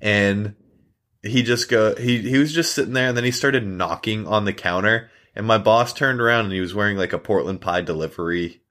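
A young man co-hosting a casual podcast, spinning long rambling anecdotes with plenty of fillers. His voice sits low in pitch, and he keeps slipping into quick acted quotes of the people he talks about. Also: a bit bright. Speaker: podcast co-host. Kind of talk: casual storytelling chat.

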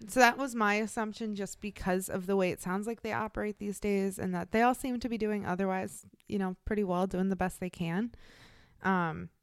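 Smooth-voiced woman in casual podcast chat. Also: mid-range voice, moderate pace, no room sound, studio quality. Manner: animated, laughs often, swears casually. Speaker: podcast co-host. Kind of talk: casual true crime chat.

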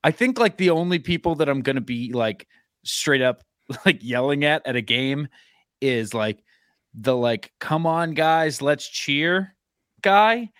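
Mid-pitched, easygoing guy, teasing podcast co-host, dry close mic. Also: very animated, unhurried, a bit bright, dry recording. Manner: laid-back, teasing, laughs often. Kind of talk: casual chat.

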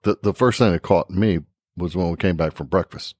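A man's voice: sits low, moderate pace, a little mellow, no room sound, studio quality. A man co-hosting a casual hobby podcast, chatty and joking. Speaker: podcast co-host. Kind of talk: casual chat.

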